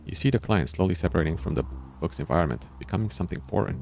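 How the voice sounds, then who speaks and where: A man's voice: deep voice, fast, creaky, a little mellow, faint music behind. A man streaming a narrative game, reading the story aloud and making casual asides in between.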